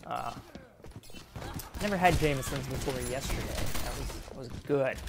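A man giving casual, excitable gameplay commentary, laughing and easily distracted as he plays. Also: mid-range voice, moderate pace, vocal fry, background noise. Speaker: gaming YouTuber.

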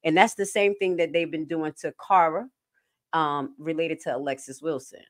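A woman nurse giving casual, animated commentary on clips as a stream host. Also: lowish voice. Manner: animated, jumps to loud bursts.

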